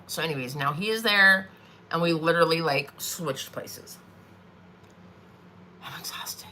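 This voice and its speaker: Rambly craft vlogger lady, kinda low voice, chatty and filler-heavy, live stream at her desk. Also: sharp tone, slight background noise.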